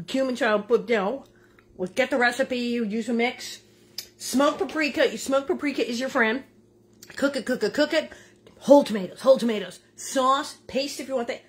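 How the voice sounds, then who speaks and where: An older woman hosting a casual home cooking vlog. She is chatty and animated and keeps tasting as she talks. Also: high-pitched. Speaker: cooking show host. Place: home kitchen.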